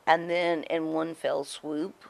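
A middle-aged woman guesting on an interview show shares candid stories from her days as a wrestling personality. Her low, creaky, darkish voice barely moves in pitch and keeps a slow pace, though she's blunt, emphatic and swears a lot.

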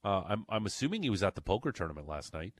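A man's voice: deep voice, sing-song, racing, no room sound, clean studio sound. A man hosting a sports talk radio show, bantering with co-hosts and plugging upcoming segments in an upbeat way. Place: radio studio.

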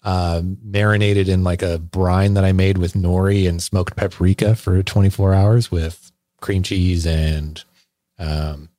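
A man's voice: deep voice, flat delivery, a little slow, warm tone, dry recording, clean studio sound. A man co-hosting a podcast, telling a long casual story with many fillers and laughs. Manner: rambling, laughing anecdote full of fillers. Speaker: podcast co-host.

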